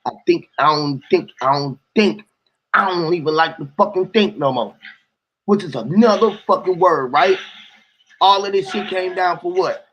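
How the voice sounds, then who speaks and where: A man's voice: sits high, moderate pace, lo-fi sound, a little hiss or hum. A man talking casually and profanely, rambling through loose wordplay as a guest on a stream.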